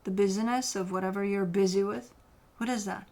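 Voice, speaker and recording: A woman's voice: medium pitch, steady tone, a little fast, darkish tone. Woman, tarot reader, casual reading to camera, blunt, swears freely, argues with imagined objections. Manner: candid, swears freely, talks straight to the viewer.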